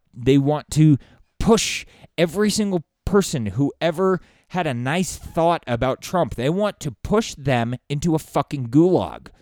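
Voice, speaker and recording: A man's voice: medium pitch, darkish tone, no echo, studio quality. A man delivering an emotional, pleading political rant full of swearing. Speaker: political commentator.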